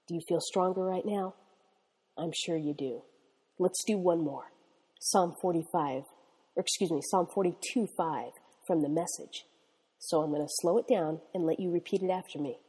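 A woman teaching devotionally, leading listeners through scriptures slowly and deliberately, rising emphatically when she quotes verses. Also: lowish voice, mellow, husky, in a large hall. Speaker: Bible teacher.

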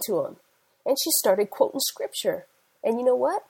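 A woman's voice: fairly high pitch, animated, normal speed, gravelly, darkish tone, husky, low-quality recording. A middle-aged woman preacher delivering an earnest sermon, telling stories in a conversational way and quoting scripture.

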